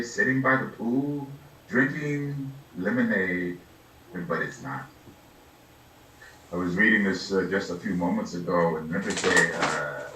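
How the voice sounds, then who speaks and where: An older man, a Buddhist lama, giving an unhurried, reflective dharma talk, laughing softly and acting out little scenes as he teaches. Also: fairly low pitch. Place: meditation hall. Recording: echoey room, distant mic, faint ambience.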